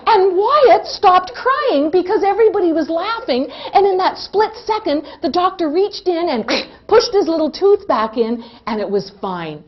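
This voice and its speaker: A middle-aged woman telling a humorous personal anecdote in an animated way, often laughing. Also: extremely high pitch, moderate pace, lo-fi sound. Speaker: storyteller.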